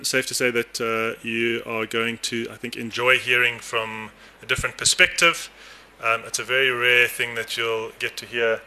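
A man's voice: medium pitch, sharp tone. A man chairing a conference session, chatty and self-deprecating with many fillers, speaking into a stage microphone in a conference hall. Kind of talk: informal introduction.

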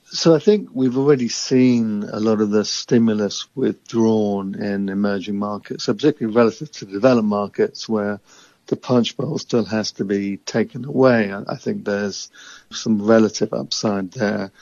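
A man who invests in emerging market equities, answering interview questions in a measured, analytical way. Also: lowish voice, steady tone, creaky, darkish tone, no echo, dull audio.

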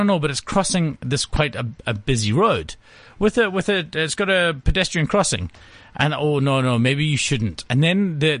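A man's voice: a little high, a bit bright, no echo. Brief: middle-aged man, blunt opinionated co-host, dry close mic. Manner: blunt, ranting, acts out quotes. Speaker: podcast co-host. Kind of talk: casual chat.

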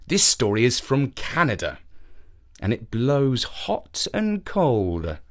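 A man presenting and reading a children's story aloud, animated and acting out the characters. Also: medium pitch, takes it slowly.

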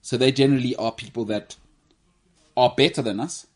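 A man's voice: mid-range voice, a little fast, breathy edge. A man hosting a casual sports chat, rambling and teasing his co-host with jokes. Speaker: podcast host.

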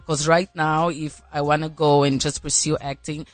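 A woman's voice: low-pitched, flat delivery, normal speed, no room sound, soft background music. A woman with an Angolan accent, an actress guest chatting animatedly in a radio studio. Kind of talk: casual studio chat.

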